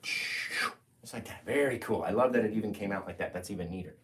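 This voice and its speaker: A young man teaching a live painting tutorial, mostly soft and gentle, with sudden playful loud bursts. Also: on the low side, very fast. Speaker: painting instructor.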